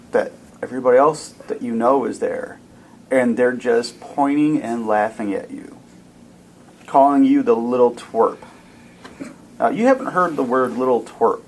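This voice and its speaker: A man narrates a tabletop game as dungeon master, building the scene with vivid, dramatic detail. His voice sits at a middle pitch, with faint noise behind it. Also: poor audio.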